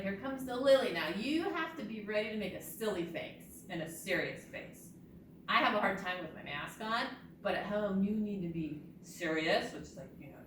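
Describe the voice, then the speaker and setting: Animated woman leading a preschool storytime. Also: fairly low pitch. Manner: animated, sing-song, exaggerated for small children. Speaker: children's librarian. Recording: distant, roomy, noisy recording.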